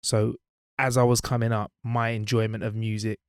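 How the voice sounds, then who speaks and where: A man's voice: fairly low pitch, flat delivery, moderate pace, smooth, dry recording, clean studio sound. A man in his twenties, a media presenter and guest, chatting casually and animatedly with many "you know"s. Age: 20s. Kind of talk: casual interview chat and storytelling.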